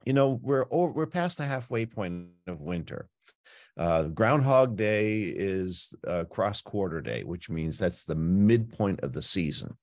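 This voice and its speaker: Man, planetarium presenter, deep voice, dry close sound, casual playful teaching. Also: very animated, measured pace, no room sound. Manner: chatty, playful teacher with wide pitch swings. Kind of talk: informal astronomy talk.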